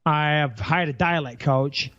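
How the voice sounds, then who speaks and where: A man's voice: fairly high pitch, a little slow, a bit bright, no echo, muffled recording. A man, a retired fighter co-hosting a casual podcast and rambling with lots of restarts. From England. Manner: rambling, frequent restarts and fillers.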